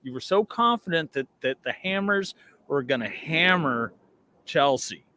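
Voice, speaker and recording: Tired male regular panelist, slightly high voice, stammers, animated football chat. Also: a little slow, slight background noise. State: tired after a night out. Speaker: regular panelist on a fan show.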